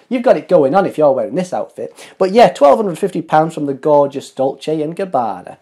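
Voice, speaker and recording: A man's voice: a little high, big pitch swings, brisk, hardly any pauses, mellow, husky. A man hosting a fashion show, commenting on outfits in a gushing, playful, sing-song way.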